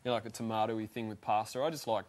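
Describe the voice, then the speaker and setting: A man's voice: on the low side, steady tone, very fast. A man working as a chef, talking casually and chattily about home cooking.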